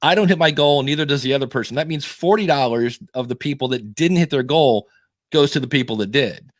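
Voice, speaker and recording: A man's voice: medium pitch, fairly quick, no echo, studio quality. Laid-back man explaining things. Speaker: podcast guest. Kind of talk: casual podcast chat.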